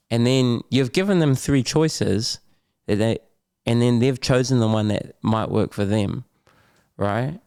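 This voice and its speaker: A man's voice: medium pitch, unhurried, warm tone, smooth, no echo, clean studio sound. A middle-aged man with a New Zealand accent, talking candidly and loosely as a podcast guest, with slang and laughs. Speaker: podcast guest, Muay Thai champion. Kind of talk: candid casual conversation.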